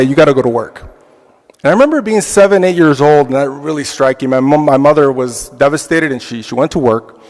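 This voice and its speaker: Man telling a story in a church hall. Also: on the high side. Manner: reflective storytelling with fillers. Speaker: adult class teacher. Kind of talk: personal testimony in a church class. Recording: long reverb of a church hall.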